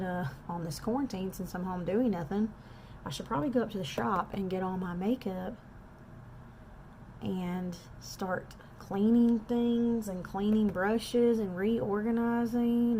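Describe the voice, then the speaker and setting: A woman's voice: mid-range voice, dark tone. Woman, makeup artist, casual tutorial patter, faint hiss behind. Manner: chatty, self-deprecating, talks straight to viewers. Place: home.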